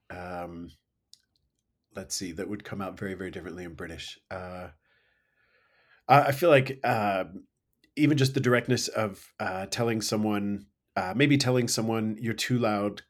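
A man co-hosting a podcast, talking in casual chat, animated and hesitant, often restarting his sentences. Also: lowish voice. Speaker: podcast co-host. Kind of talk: casual conversation.

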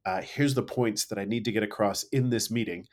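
A man co-hosting a podcast, talking in casual chat, animated and hesitant, often restarting his sentences. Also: fairly low pitch, fairly quick. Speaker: podcast co-host. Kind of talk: casual conversation.

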